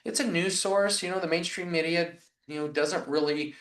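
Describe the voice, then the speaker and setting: A man's voice: fairly high pitch, moderate pace, a bit bright. Man, real estate coaching, video call audio, roomy echo, slightly distant from mic. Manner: conversational, acts out client dialogue.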